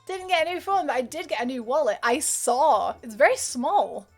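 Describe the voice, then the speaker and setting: Young scottish woman streaming, chatty, giggly, high voice. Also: expressive, moderate pace, few pauses, faint music behind. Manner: chatty, giggly, reads chat aloud. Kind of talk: live gameplay stream chat.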